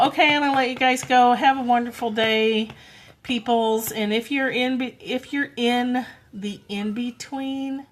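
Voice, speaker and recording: A woman's voice: a little high, a little hiss or hum. Chatty woman on a phone livestream. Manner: chatty, soft, coos to toddlers. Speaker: livestream host. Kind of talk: casual livestream chat. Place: home with toddlers.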